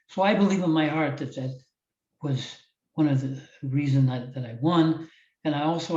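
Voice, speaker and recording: A man's voice: a little high, darkish tone. An older man from Iowa, a former wrestling champion, telling a heartfelt story in a podcast interview, with frequent restarts. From Iowa, USA. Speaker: guest, former wrestling champion and motivational speaker. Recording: roomy, distant, slightly dull audio.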